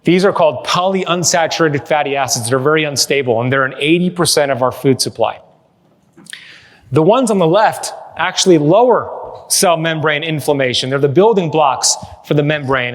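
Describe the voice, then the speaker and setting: A somewhat high-voiced man delivers a lively keynote to a live crowd, mixing jokes into his storytelling. His voice rings out with the long reverb of a big hall. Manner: energetic, joking storyteller. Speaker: keynote speaker. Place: large hall with live audience.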